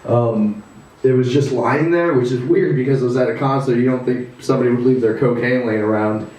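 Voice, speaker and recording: A man's voice: mid-range voice, a little mellow, far from the mic. A rambling male stand-up comic in an echoey room. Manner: rambling, halting delivery with many fillers. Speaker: stand-up comedian. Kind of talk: stand-up set. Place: living room at a house party.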